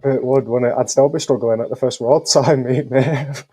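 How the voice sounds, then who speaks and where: A man's voice: mid-range voice, fairly even intonation, moderate pace, warm tone, husky, dry recording. A man in casual group chat on a live call, easygoing and agreeable.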